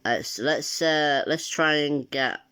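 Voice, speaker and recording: A young man with a nasal voice talking casually to camera in a personal vlog, hesitant and pausing often. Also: a little high, pushed and bright, clean tone. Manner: hesitant, with frequent filler sounds and restarts. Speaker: vlogger.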